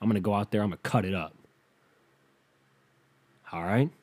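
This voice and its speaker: A man's voice: lowish voice, normal speed, darkish tone. A young man ranting to camera in a casual comedic monologue, swearing freely and acting out the people he quotes. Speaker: comedic vlogger.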